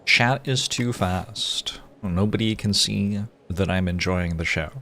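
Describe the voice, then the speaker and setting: A man on a livestream, chatting casually with viewers and greeting them one by one, with sudden loud mock-outraged outbursts. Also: deep voice, slow, creaky, slight background noise. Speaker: streamer.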